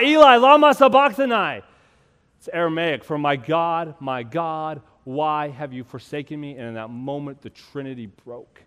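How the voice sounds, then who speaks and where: A man preaching a sermon as pastor, building to loud, impassioned peaks and dropping to soft, slow passages. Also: mid-range voice, big-room sound. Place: church.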